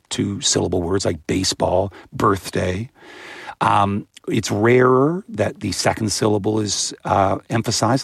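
A man with a low, gravelly, slightly husky voice, talking as a guest in an interview. He explains things in an animated way and breaks into playful baby-sound imitations. The sound is dry and close. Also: dry recording. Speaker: guest author.

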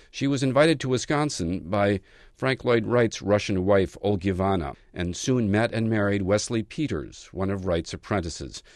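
A man delivering a scripted radio news report in a measured, even manner. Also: low-pitched, dry recording, studio quality.

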